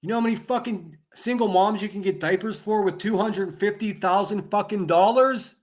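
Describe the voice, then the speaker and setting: A man hosting a livestream, ranting angrily and profanely into a desk microphone, breaking into yelled bursts and sarcastic asides. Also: sits high, normal speed. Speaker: livestream host. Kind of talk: angry livestream rant.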